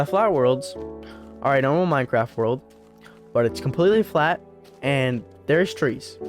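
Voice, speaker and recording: A young man narrating his gameplay casually, rambling and often correcting himself mid-sentence. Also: medium pitch. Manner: rambling, self-correcting, repeats words. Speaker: let's play host.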